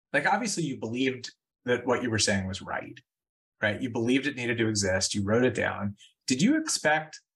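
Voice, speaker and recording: A man hosting a podcast, asking his guest questions in a casual, encouraging way. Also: medium pitch. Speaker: podcast host. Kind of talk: casual interview.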